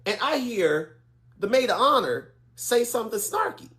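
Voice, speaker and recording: A storyteller delivers a casual storytime with a highly animated pitch. The telling is dramatic, jumping into high voices to mimic people. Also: normal speed.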